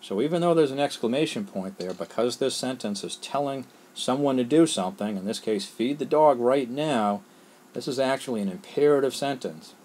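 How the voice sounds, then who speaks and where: A man's voice: mid-range voice, lively intonation, fairly quick, few pauses, darkish tone, rough recording. A man teaching a lesson on a screencast, explaining step by step with patience and often asking "all right?".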